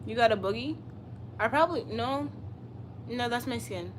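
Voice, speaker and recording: A woman's voice: a little high, expressive, moderate pace, noisy background. Blunt, profane young woman livestreamer. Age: 20s. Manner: blunt, profane, sassy, answers chat questions. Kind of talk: casual live-stream chat.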